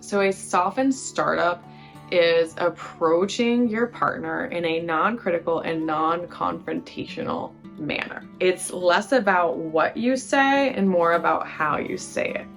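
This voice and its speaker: A woman with a low-set voice, talking straight to the camera like a friendly teacher. She walks through her advice conversationally and checks in with quick rhetorical questions. Faint guitar music plays underneath. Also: creaky. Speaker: relationship advice host.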